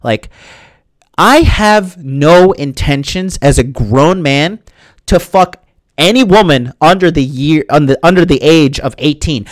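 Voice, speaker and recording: Recorded without room sound, a young male vlogger speaks in a high-sitting voice. In his twenties, he rants loosely to viewers, cursing frequently and starting sentences over again and again.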